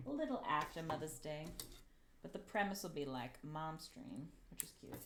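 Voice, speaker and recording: Woman, casual livestream chatter, nervous, swears a lot, talks to her tools, very lively pitch. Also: normal speed, background noise. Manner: talks to herself and the objects. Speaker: streamer. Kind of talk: casual livestream chat while crafting.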